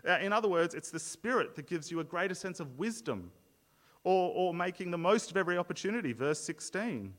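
A male pastor delivers a sermon in a fairly high voice, explaining his points earnestly and often doubling back on words mid-sentence. The sound rings with the long reverb of a large church hall. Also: animated, brisk, a bit bright. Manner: earnest, explanatory, frequent word repeats and restarts.

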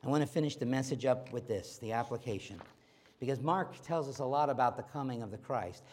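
A man preaching a sermon, stressing lines by repeating them, and swinging from loud to hushed. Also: medium pitch, a little fast. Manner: emphatic, repeating key phrases, swinging between loud and quiet.

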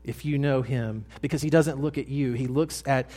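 A young adult male pastor preaching a sermon, earnest, dropping to hushed tones and then rising to loud emphatic lines. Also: mid-range voice, fairly even intonation, moderate pace.

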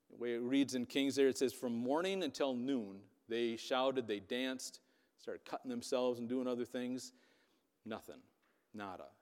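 A man preaching a sermon, retelling scripture as lively storytelling with sarcastic asides. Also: a little high. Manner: animated storytelling, voicing quotes with sarcasm. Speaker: pastor. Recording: long hall reverb.

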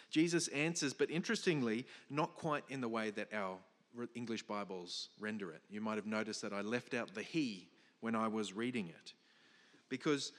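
A man at a mid pitch delivers a sermon, explaining his text step by step and leaning hard on key words. His voice carries a long hall reverb. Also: fairly bright tone. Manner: explanatory, emphatic, with restarts and fillers. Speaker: pastor.

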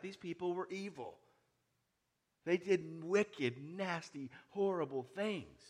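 A man preaching a sermon, moving from hushed, quiet lines to loud, raised ones and asking his listeners many questions. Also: on the high side. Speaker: pastor.

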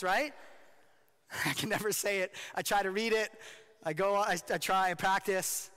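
A male pastor giving an animated, jokey sermon, often asking his listeners questions. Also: high voice, normal speed, clear, resonant tone, big-room sound.

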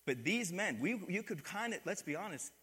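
A man's voice: high voice, big pitch swings, moderate pace, pushed and bright, slightly rough, in a large hall. A man preaching a sermon as pastor, calling on the congregation to answer back and repeat his words. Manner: call-and-response preaching, asks the congregation to repeat. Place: church sanctuary.

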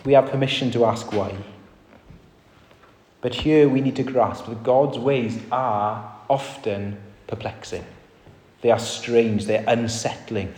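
A man's voice: medium pitch, fairly even intonation, moderate pace, darkish tone. A man preaching a sermon to a congregation in an earnest way, asking rhetorical questions and acting out short quotes. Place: church hall before a congregation. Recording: echoey reverberant hall.

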